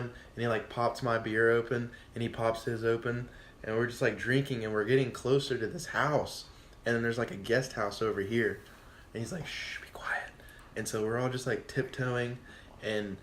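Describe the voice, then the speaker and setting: A man in his twenties, a podcast guest, telling a casual story in a profane, animated way and acting out what people said. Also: medium pitch, a little hiss or hum. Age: 20s. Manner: profane, animated, acts out quotes. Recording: echoey room.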